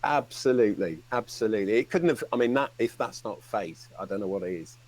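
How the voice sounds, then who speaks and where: A man's voice: on the low side, expressive, a little fast, a little mellow, rough recording. A man telling a long, rambling story on a fan livestream, swearing and laughing as he goes. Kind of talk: casual storytelling.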